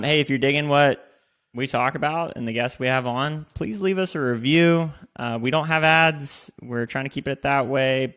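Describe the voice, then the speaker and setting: A man's voice: medium pitch, vocal fry, a bit bright. A man co-hosting a podcast in casual chat, joking and swearing freely. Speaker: podcast co-host. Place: in Austin.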